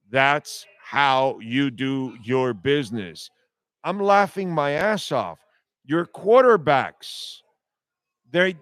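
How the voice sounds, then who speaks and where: A man's voice: a little high, fairly bright tone, no room sound. A man hosting a sports radio show, ranting bluntly and profanely in a heated, repetitive monologue.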